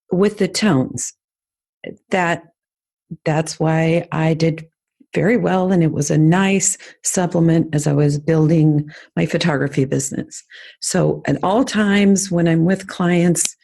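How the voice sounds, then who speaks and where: Slow, low-voiced woman coaching. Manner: warm enthusiastic coaching, lively demonstrations. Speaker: podcast host and sales coach. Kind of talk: casual teaching monologue.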